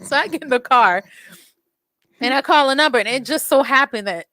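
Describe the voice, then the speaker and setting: A woman hosting a podcast, telling a story in an animated, blunt way, swearing freely and acting out quotes. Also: sits high, brisk, no echo. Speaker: podcast host. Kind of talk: casual storytelling chat.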